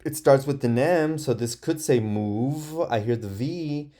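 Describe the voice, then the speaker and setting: A male first grade teacher leads an online phonics lesson, patiently sounding out words for young learners. He speaks very slowly, with hesitant fillers and a mellow tone. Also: medium pitch. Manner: slow, patient, models sounding out words aloud.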